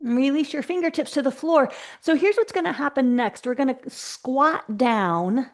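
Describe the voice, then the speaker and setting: A woman teaching a live yoga class over a video call, giving slow, gentle cues with soft asides. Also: high voice.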